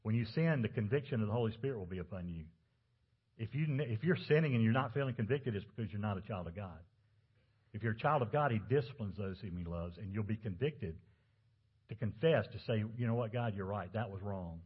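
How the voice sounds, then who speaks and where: A man's voice: fairly low pitch, expressive, brisk, breathy edge, phone-quality sound. A man preaching a sermon as pastor, talking conversationally and asking the congregation rhetorical questions.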